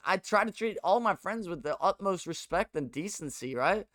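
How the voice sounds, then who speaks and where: A man's voice: sits high, lively intonation, fairly bright tone. Agitated, swearing young man. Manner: agitated, profane, halting with many restarts. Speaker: esports player and streamer. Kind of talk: casual ranting to stream viewers.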